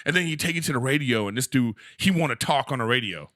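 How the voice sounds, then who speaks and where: A podcast host and comedian chatting casually, quick to agree and swap stories. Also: male voice, mid-range voice, no room sound, studio quality. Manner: lively, chimes in with quick agreement. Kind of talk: casual chat.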